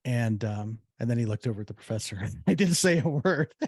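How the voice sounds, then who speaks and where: A man's voice: mid-range voice, animated, normal speed, darkish tone, breathy edge, no echo. A man hosting a spiritual podcast, telling stories in a casual way and affirming his guest. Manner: storytelling, affirming. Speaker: podcast host.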